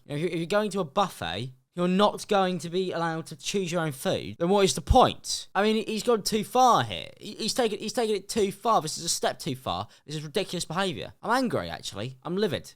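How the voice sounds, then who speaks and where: A man doing a reaction commentary, ranting in a sarcastic, exaggerated way. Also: a little high. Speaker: YouTube commentator.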